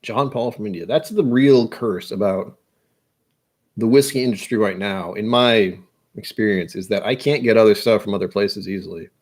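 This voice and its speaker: A man's voice: on the low side, normal speed, darkish tone. Self-deprecating American man musing aloud. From United States. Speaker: whiskey channel host. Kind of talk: casual rambling monologue.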